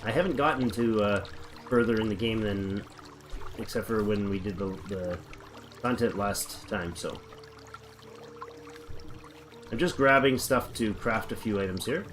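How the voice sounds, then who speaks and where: A man's voice: lowish voice, moderate pace, noisy background. A man casually chatting on a livestream while playing a game, rambling and thinking aloud as he reads the chat. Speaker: game streamer.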